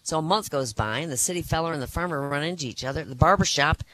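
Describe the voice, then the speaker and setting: A joke teller telling folksy joke stories to a small group in a relaxed, animated way. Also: medium pitch, fast talker, hardly any pauses, no echo. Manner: animated storyteller who laughs at their own punchlines.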